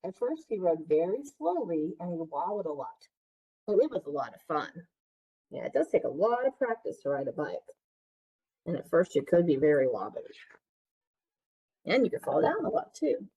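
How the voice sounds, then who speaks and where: A woman librarian reading a picture book aloud to children, pausing often to ask them questions. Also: fairly low pitch, sing-song, husky, muffled recording. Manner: interactive, asks children questions.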